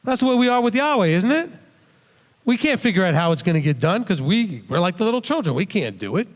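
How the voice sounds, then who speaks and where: Earnest high-voiced man teaching in a reverberant hall. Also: sing-song, quick pace. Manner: earnest, plain-spoken, repeats words as he thinks aloud. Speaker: Bible teacher. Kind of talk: conversational Bible teaching.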